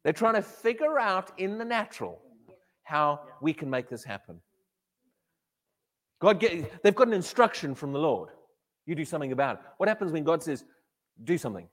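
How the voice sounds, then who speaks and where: A man preaching a sermon in an animated way, often repeating his words and acting out quotes. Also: fairly high pitch, moderate pace, long pauses. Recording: echoey hall reverb.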